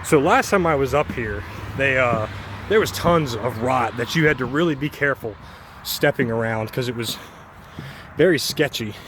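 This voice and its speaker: A man's voice: mid-range voice, moderate pace. Breathless man narrating a tower climb. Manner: chatty, excited narration. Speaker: vlogger. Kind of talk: casual narration while climbing. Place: top of a tall outdoor tower. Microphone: handheld phone camera. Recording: outdoor phone recording with noise.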